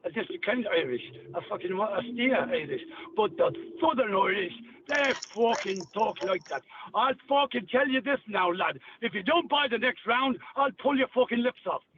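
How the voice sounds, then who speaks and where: A man's voice: high-pitched, animated, brisk, few pauses, far from the mic, noisy background, pitched below the performer's own voice. A man putting on a blustering Irish drinker who swears and threatens over the next round. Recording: tinny phone line.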